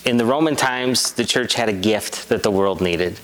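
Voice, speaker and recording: A man delivering a sermon as a priest, earnest and measured, repeating key lines for emphasis. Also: lowish voice, poor audio. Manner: earnest, measured preaching with rhetorical repetition.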